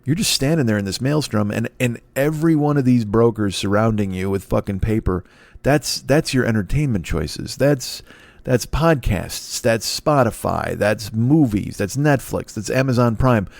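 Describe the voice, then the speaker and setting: A man's voice: medium pitch, expressive, moderate pace, vocal fry, darkish tone, no room sound. A man in his forties hosting a comedy podcast, rambling through a profane, self-deprecating monologue. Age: 40s.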